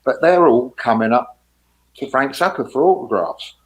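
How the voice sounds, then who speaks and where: A man in his sixties, a guest telling casual, rambling stories with lively rises in pitch. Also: normal speed. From England. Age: 60s. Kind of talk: casual anecdotes.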